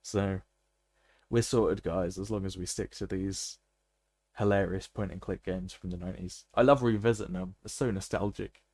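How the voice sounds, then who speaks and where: A man's voice: low voice, steady tone, normal speed, a little mellow. A man streaming a game, joking and laughing often in casual commentary. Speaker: gaming streamer. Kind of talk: live gameplay commentary.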